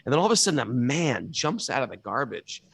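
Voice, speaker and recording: A middle-aged New Yorker with a New York accent tells colorful, casual stories as a guest, swearing lightly and acting out the quotes. His medium-pitched voice is sing-song, creaky, a bit bright and slightly rough. He talks fast, and there's no echo.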